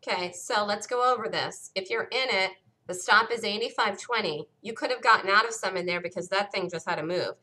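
A woman hosting a live day-trading room, calling out entries and stops in an urgent, rapid-fire way, her voice worn and close to giving out. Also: medium pitch, sharp tone. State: losing her voice. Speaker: day-trading show host.

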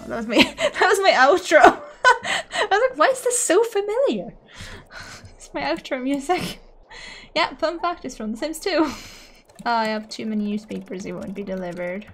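Excitable high-voiced woman gaming. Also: moderate pace, faint music behind. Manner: excitable, gasping and squealing at the game. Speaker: gaming YouTuber. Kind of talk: let's play commentary.

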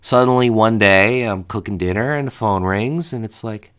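A man's voice: fairly low pitch, normal speed, fairly bright tone, clean tone. A man telling a comedic story about bad dates, exasperated and acting out the dialogue.

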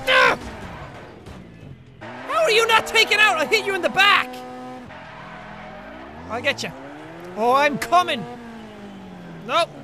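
Shouty high-voiced gamer. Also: male voice, unhurried, long pauses. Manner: loud, excitable, frequent shouting outbursts. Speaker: gaming video host. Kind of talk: live gameplay commentary. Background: game music.

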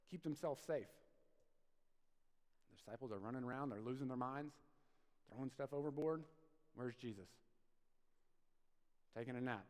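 A male pastor preaching a sermon, conversational and animated, swinging from loud bursts to soft asides. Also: on the high side, big-room sound. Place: church sanctuary.

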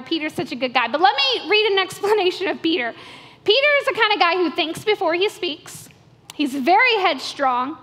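A woman pastor preaching a sermon, telling stories in an animated way and acting out inner voices. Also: high voice. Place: church sanctuary. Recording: church hall reverb with soft music.

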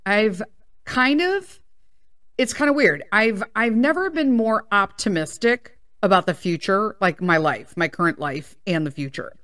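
Her voice is medium-pitched, animated and fairly bright, though a little slow. The woman, in her fifties, hosts a casual solo podcast from a small home studio, speaking candidly into a microphone and swearing freely.

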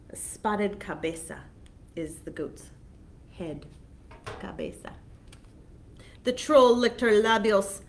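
A woman children's librarian reading a picture book aloud slowly and expressively, pausing to explain each foreign word. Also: mid-range voice, lively intonation, vocal fry.

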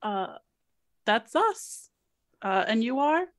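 Laid-back woman player, slowish and a little unsure. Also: on the high side, big pitch swings. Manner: easygoing, hesitant. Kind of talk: tabletop role-play.

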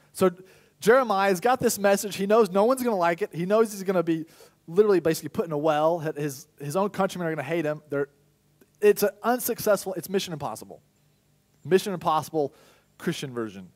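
A young man preaches a sermon in a church. His voice sits fairly high for a man. He jumps between soft, reflective passages and loud, raised bursts of acted-out inner dialogue. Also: brisk. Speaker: pastor.

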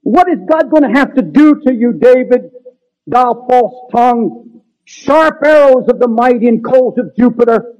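A man's voice: very high-pitched, expressive, measured pace, a little mellow. A man preaching a sermon in an earnest, pleading manner that builds to raised, urgent emphasis. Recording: dull lo-fi sermon recording.

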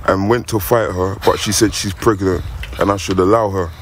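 Low-voiced man reading letters. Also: steady tone, normal speed, slight background noise. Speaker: podcast co-host reading letters. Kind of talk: reading listener letters aloud.

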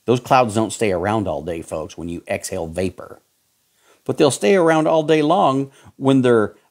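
A man's voice: mid-range voice, darkish tone. A man with a Southern accent preaching a fiery sermon, fervent and emphatic, hammering points through repetition. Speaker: pastor.

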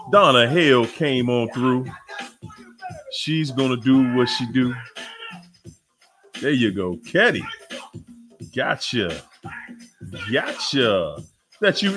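Slow, lively-pitched man hosting a livestream. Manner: hypes up viewers, drawn-out shout-outs. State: sweaty after a workout. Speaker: livestream host. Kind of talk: live stream greeting the chat.

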